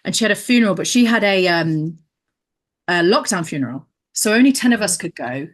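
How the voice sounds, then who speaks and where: Woman, comic guest on a podcast, lively anecdotes, mid pitch, laughs a lot. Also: brisk. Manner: animated storyteller, acts out quotes, laughs often. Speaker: guest, actress and comedian. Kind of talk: casual anecdote telling.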